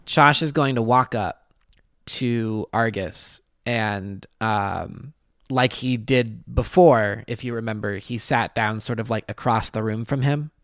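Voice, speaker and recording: A man plays a tabletop role-playing game, describing his character's actions slowly and with frequent pauses. His voice is smooth and clear, recorded dry and close. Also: on the low side, no echo. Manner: hesitant, halting, with many fillers. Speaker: player.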